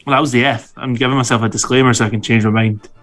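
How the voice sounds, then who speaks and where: A man's voice: medium pitch, fairly even intonation, racing, fairly bright tone, soft background music. A man co-hosting a casual sports podcast with a dry, understated, hedging manner. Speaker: podcast co-host.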